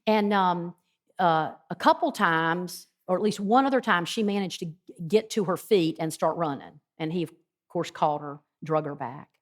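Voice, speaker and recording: A woman's voice: on the low side, moderate pace. A woman guest speaker earnestly retelling a testimony at a Bible study, with frequent ums and hesitations.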